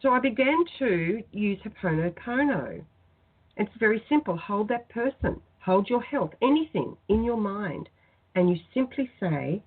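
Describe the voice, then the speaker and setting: A woman, speaking in a soft, earnest, heartfelt way as a spiritual guest on a talk radio show. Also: mid-range voice, animated, normal speed, breathy edge. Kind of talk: phoned-in radio chat, guided prayer. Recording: tinny phone-line sound.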